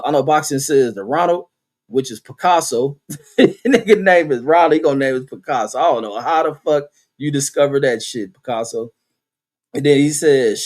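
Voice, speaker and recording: A man's voice: medium pitch, darkish tone. A man talks loosely on his own livestream. He reads the chat aloud and answers it with profane jokes and bursts of laughter. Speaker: livestream host reading chat. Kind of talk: casual livestream commentary.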